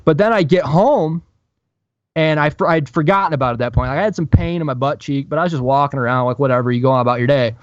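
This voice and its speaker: A man's voice: fairly high pitch, fast talker, no room sound. Profane storytelling man, slightly muffled mic. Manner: profane, animated anecdote-telling. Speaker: podcast co-host. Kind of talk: casual storytelling chat.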